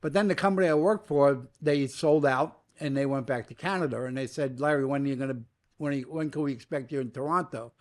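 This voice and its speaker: In a fast, medium-pitched voice, an older New York man who works as a media entrepreneur tells long stories during an interview. He is animated throughout, acting out the dialogue within each tale.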